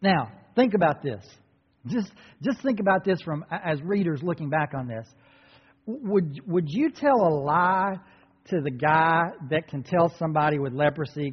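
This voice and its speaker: A man preaching a sermon to a congregation, animated and conversational. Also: fairly high pitch, moderate pace, breathy edge. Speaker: pastor. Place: church sanctuary. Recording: dull sound in a reverberant hall.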